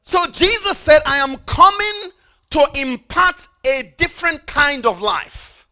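With an extremely high pitch, lively intonation, and a pushed, bright quality, a man preaches emphatically. Key phrases get repeated, and he calls on the congregation to respond in kind. He slows for emphasis and hurries through asides.

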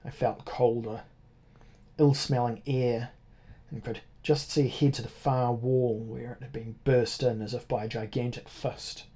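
A man narrating a first-person adventure novel in a measured way. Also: mid-range voice, flat delivery, mellow, husky. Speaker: audiobook narrator. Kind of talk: scripted narration.

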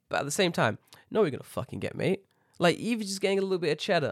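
A man with a high voice talks rapid-fire with hardly any pauses, recorded dry with clean studio sound. He's co-hosting a podcast in casual chat, rambling, swearing a lot, and telling stories in an animated way.

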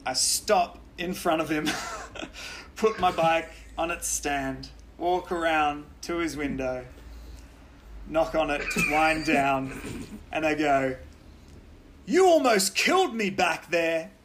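An Australian man tells stories as a podcast guest, animated and loose with his language. His voice sits a little high for a man. Faint noise runs under the recording. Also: slow pace. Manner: animated storytelling, swears freely, laughs often. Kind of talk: casual podcast chat.

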